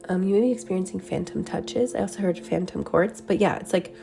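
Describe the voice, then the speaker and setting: A woman's voice: medium pitch, a little fast, creaky, music in the background. A woman giving a meditative spiritual transmission, talking in a dreamy, meandering way full of "like" and "um". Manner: dreamy, meandering, many "like" and "um" fillers. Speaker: spiritual channeler. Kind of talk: meditative energy transmission talk.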